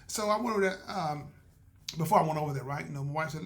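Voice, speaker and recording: Male podcast host, casual storyteller, slightly high gravelly voice, laughs a lot. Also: quick pace. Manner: chatty, laughs often, acts out quotes.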